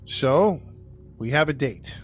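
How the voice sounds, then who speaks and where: A man of middle pitch tells a true crime story in a loose, chatty podcast way. He rambles with fillers and restarts, acting out people's quotes. Faint music plays under him. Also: lively intonation, slow pace. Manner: acts out quotes in his retelling. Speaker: podcast host narrating the case.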